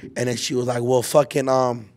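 A man's voice: medium pitch, flat delivery, normal speed, a little mellow. A man in his twenties hosting a casual chat, telling a rambling story full of slang and filler words. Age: 20s. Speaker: podcast host.

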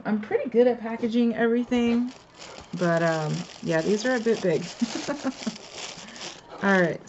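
Woman, mid-pitched and gravelly, chatty craft unboxing host, slightly dull recording. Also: a little mellow, a little hiss or hum. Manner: chatty, gushing, mutters asides while handling pieces. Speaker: crafter revealing a card swap. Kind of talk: casual craft unboxing vlog.

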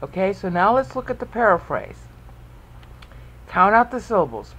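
A man's voice: high voice, big pitch swings, moderate pace, fairly bright tone, breathy edge, rough recording. A man presenting a Bible study video lecture, explaining step by step and often checking in with the listener.

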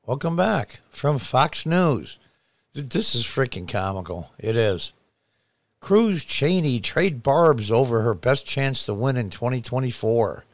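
A man's voice: mid-range voice, sing-song, a little slow, faint music behind. Scoffing middle-aged male political commentator. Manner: scoffing, laughs while reading news aloud.

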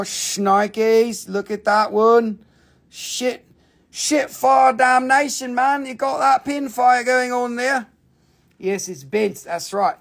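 A man hosting a live gemstone sale, excitable and cursing freely, breaking into snatches of song. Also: high voice, gravelly. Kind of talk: live shopping stream. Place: home shop.

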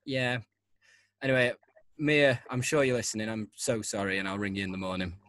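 A man's voice: on the low side, flat delivery, brisk, fairly bright tone, dry recording. A young man hosting a podcast, chatting casually, rambling and laughing often. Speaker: podcast host. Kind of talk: casual chat.

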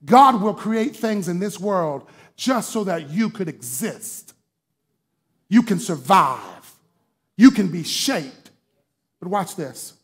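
A man delivers a sermon in a high, gravelly, husky voice, drawing his words out slowly. He calls on the congregation to respond, and they can be faintly heard in the church. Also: expressive. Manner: builds from hushed teaching to shouted preaching. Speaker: preacher.

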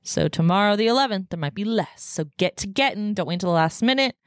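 A woman's voice: mid-range voice, expressive, quick pace, no room sound, clean studio sound. A woman podcast host in a casual solo rant, venting in a profane, fired-up way from her home podcast room.

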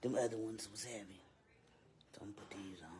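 A performer voicing a sassy, vain woman babysitter in a live-streamed comedy skit, loud and teasing, repeating lines and swooping up into squeals. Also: mid-range voice, very animated, normal speed, noisy background, natural voice.

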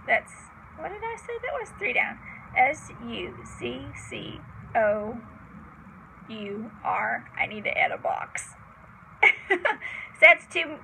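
A woman's voice: a little high, gravelly, pushed and bright, slight background noise, rough recording. A woman teaching a vocabulary lesson, patiently spelling out words letter by letter with chatty asides.

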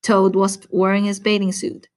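A woman teacher reading a picture book aloud to children, animated and adding chatty asides. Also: mid-range voice, normal speed.

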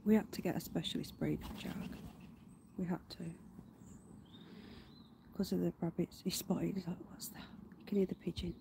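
A woman chats casually to her livestream viewers while out in the garden. Her voice sits a little low, and she swears offhand. Outdoor noise is clearly audible behind her. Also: steady tone, moderate pace, long pauses. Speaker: livestream host.

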